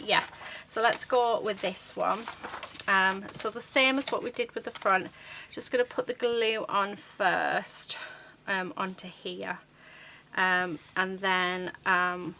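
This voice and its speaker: A chatty woman talks her viewers through a craft project at a mid pitch, rambling warmly with plenty of ums. Her voice sits on a noisy track with clicks of tools and paper around it. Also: creaky. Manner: chatty, rambling, many fillers. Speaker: crafting channel host.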